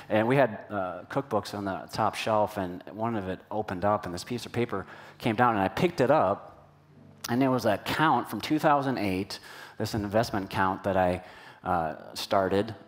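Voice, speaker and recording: A man preaching a sermon in a church, telling a personal story and asking the congregation questions in a conversational way. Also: lowish voice. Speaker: pastor.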